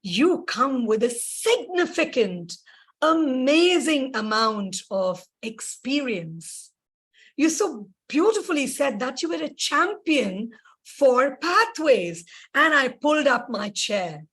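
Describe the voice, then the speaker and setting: A woman giving a measured, gracious evaluation of a speech at a club meeting. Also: high voice, big pitch swings, a bit bright, husky.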